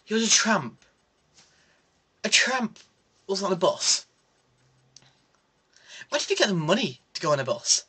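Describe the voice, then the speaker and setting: Bright-voiced young man ranting. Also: sits high, measured pace, long pauses, husky. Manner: animated, sarcastic ranting with mock French asides. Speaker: vlogger. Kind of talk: casual storytelling vlog.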